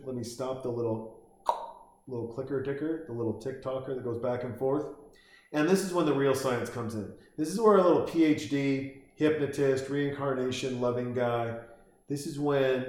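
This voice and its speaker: Rambling, profane man in an echoey room. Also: mid-range voice. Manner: rambling, profane, jokey, acts out quotes. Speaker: commentator reacting to a film. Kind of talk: casual reaction commentary. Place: home room.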